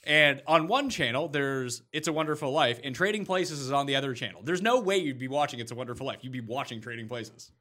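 A man's voice: mid-range voice, fast talker, hardly any pauses, sharp tone. A man hosting a casual podcast, talking bluntly and emphatically, with plenty of swearing. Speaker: podcast host.

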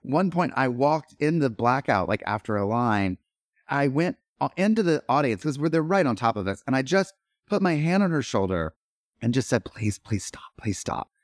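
Animated middle-aged man telling stories, dry. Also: mid-range voice, normal speed, no room sound. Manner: animated, lots of fillers and self-interruptions. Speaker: podcast guest, actor. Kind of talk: casual storytelling chat.

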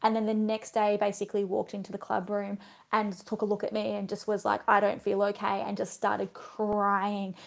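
Australian woman, physiotherapist guest, casual chat, gravelly fry, mid-pitched, chatty and laughing. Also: completely flat delivery, normal speed. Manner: chatty, laughs while telling stories.

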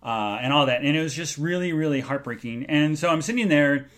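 A man hosting a solo podcast, talking in an earnest, halting way with many restarts as he recounts an emotional day. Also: a little high, expressive, a bit bright. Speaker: podcast host. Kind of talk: solo live podcast monologue.

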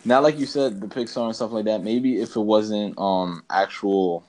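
A man's voice: lowish voice, moderate pace, a little mellow. A man in casual chat about films, talking in a laid-back, rambling, slangy way.

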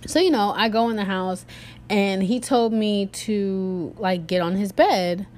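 In an unhurried way, a young woman casually shares a personal story with her viewers. She's lively and uses lots of fillers, lowering her voice whenever she quotes someone else.

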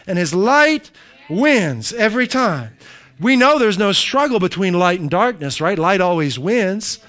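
A man's voice: sits high, very animated, measured pace, a bit bright. A man pastor preaching a sermon, emphatic and repetitive, leading the congregation in call-and-response declarations.

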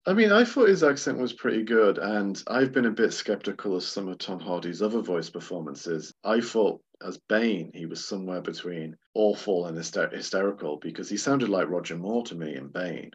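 A man's voice: low-pitched, expressive, moderate pace, few pauses, slightly rough. A man co-hosting a podcast, talking about films in a chatty, rambling way and laughing often. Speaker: podcast co-host. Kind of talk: casual film discussion. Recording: slightly dull lo-fi sound.

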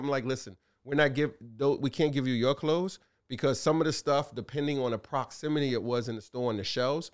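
A man co-hosting a casual talk show, telling animated stories with lots of fillers and acted-out quotes. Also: medium pitch, fast talker, few pauses, smooth. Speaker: co-host, store owner. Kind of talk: casual chat.

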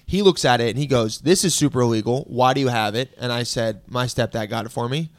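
A man casually telling a story on a podcast, laid-back and deadpan, quoting people in a flat, low voice. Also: quick pace, dry recording.

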